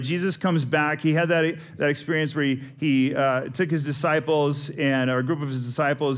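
A man, preaching a sermon in a casual, storytelling way with asides to the congregation. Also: on the high side. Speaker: pastor.

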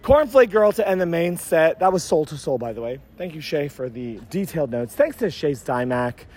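Excitable man with a fairly high voice, swearing and laughing as he recaps a concert on his phone. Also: moderate pace, hardly any pauses. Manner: animated, laughing, swearing freely. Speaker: vlogger reviewing a concert. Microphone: phone held at arm's length.

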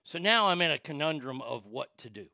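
A man's voice: a little high, sing-song, a little fast, bright, forceful tone, no echo, studio quality. A man telling a crude, rambling, mocking story in a casual rant. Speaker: storyteller and prank caller.

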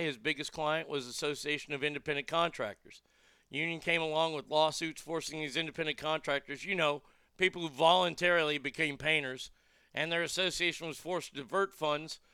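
Riffing on the news, a talk radio host delivers a blunt, casually profane rant in a voice that's on the high side, pushed and bright. The tone is clean, with no echo and studio-quality sound.

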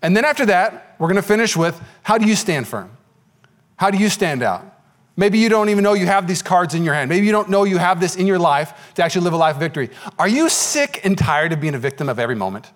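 High-voiced animated male pastor. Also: quick pace. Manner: animated storytelling, acts out voices in high pitch. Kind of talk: sermon.

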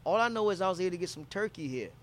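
A man's voice: sits high, animated, very fast. A man from Philadelphia telling a travel story in casual, profane talk, acting out quotes from people he met.

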